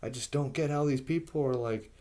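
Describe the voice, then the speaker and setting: A man in a profane, exasperated solo rant, firing off repeated rhetorical questions, his voice jumping up and getting louder in bursts, then sinking low and quiet. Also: a little fast. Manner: voice rises and gets louder in bursts, then drops low and soft. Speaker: vlogger. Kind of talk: ranting monologue to camera.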